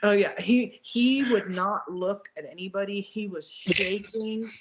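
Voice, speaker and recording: A woman's voice: mid-range voice, measured pace, background noise. A woman co-hosting a podcast, telling a story in a casual, profane way with lots of filler words. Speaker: podcast co-host, powerlifting coach.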